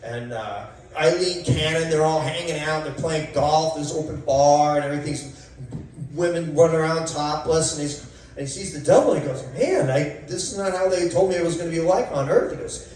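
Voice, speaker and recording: A man doing stand-up jokes at a coffee shop, halting with many fillers and restarts. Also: a little high, a little mellow. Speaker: stand-up comedian. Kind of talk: open-mic joke telling. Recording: echoey room, mic far off.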